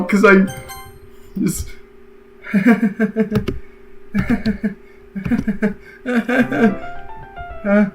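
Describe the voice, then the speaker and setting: A man's voice: sits high, drawn-out words, long pauses, fairly bright tone, faint music behind. A young man streaming a game live, reacting with nervous laughs and mock panic while greeting his chat. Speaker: gaming streamer. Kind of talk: live let's-play commentary.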